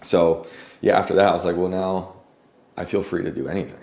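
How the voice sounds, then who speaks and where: A man guest telling a story in casual conversation at a home lunch table, rambling with many fillers and often clearing his throat. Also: sits low, little pitch movement, brisk, a little mellow. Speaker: guest journalist.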